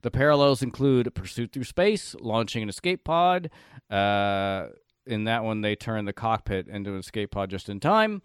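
A man hosting a casual podcast, animated and laughing often as he reads out segments. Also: on the low side, normal speed, clear, resonant tone, no echo, studio quality. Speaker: podcast host.

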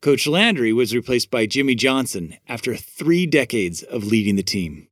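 A man's voice: medium pitch, very animated, moderate pace, no echo. Man narrating a sports documentary, dry sound. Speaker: host and narrator. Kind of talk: interview and scripted narration.

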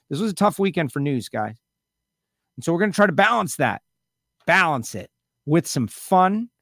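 A man's voice: medium pitch, fairly bright tone, no room sound, clean studio sound. A man hosting a radio talk show, chatting casually and teasing his co-host with rambling asides.

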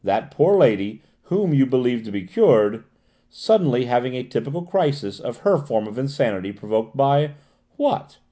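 A man reading the part of a polite, learned professor in an audiobook, gentle and formal. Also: mid-range voice, sing-song, normal speed, natural voice. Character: courteous learned male professor.

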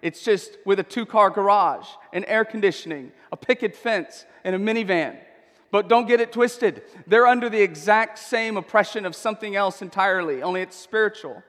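Male pastor, high voice, conversational emphatic sermon, church, long hall reverb. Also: moderate pace, a bit bright. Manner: conversational, emphatic, frequent tag questions.

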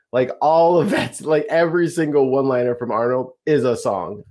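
A man's voice: medium pitch, steady tone, moderate pace, hardly any pauses, dark tone. A man, the podcast's producer, chatting casually with rambling asides. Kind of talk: casual chat.

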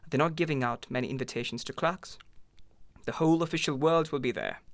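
A man's voice: medium pitch, animated, brisk, creaky. A man voicing an eager, fumbling young clerk husband in a story reading.

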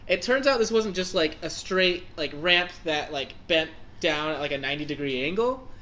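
A young man telling a story in casual chat, animated and laughing as he acts out his own reactions. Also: fairly high pitch, moderate pace, a little hiss or hum.

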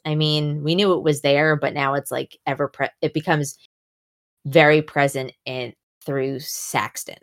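Animated young woman, low voice. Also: moderate pace. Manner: animated, many fillers, acts out quotes with big pitch jumps. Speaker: podcast co-host discussing books. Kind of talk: casual chat.

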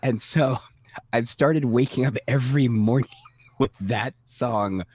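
A man's voice: mid-range voice, measured pace, a little mellow, no room sound. A man co-hosting a podcast in casual chat, telling rambling stories. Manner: rambling, chatty storyteller. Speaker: podcast co-host.

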